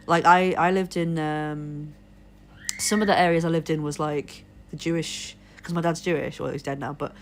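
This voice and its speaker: Posh english accent lady streamer, lowish voice, rambly and sweary, bit of faint hum behind. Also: steady tone, moderate pace. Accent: posh southern English. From Leeds, England. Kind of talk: casual chat.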